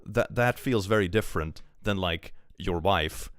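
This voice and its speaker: A man's voice: deep voice, a little slow, smooth, no echo, clean studio sound. A man casually commenting on a live stream, reading posts aloud and reacting with a chatty, rambling manner and frequent laughs.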